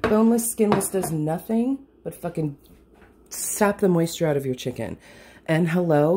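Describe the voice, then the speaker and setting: Low raspy-fry lady cooking at home, cussing nonstop, bit wheezy, faint hiss behind. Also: animated, normal speed, mellow. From California. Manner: swears constantly, rambling and self-mocking. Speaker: home cook vlogger. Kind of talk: casual cooking vlog. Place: home kitchen.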